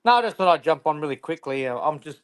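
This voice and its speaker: A man calling into a casual chat, relaxed and offhand, swearing now and then. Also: fairly high pitch, fast talker, clear, resonant tone.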